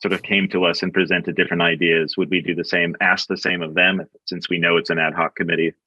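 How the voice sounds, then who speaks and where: Very low-voiced man on dull call audio. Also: flat delivery, bright, forceful tone, breathy edge, no room sound. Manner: earnest, halting questions. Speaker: selectboard member. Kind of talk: public meeting discussion. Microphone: video call.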